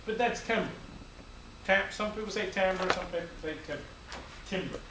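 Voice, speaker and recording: A man, a music teacher, giving a lively, playful classroom lecture full of demonstrations. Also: high-pitched, measured pace, noisy background. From United States. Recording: echoey room, distant mic, faint ambience.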